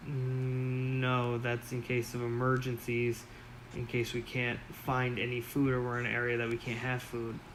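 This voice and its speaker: A man voicing a steady male adventurer who speaks plainly. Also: medium pitch, unhurried, a little hiss or hum, lightly acted, poor audio. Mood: firm.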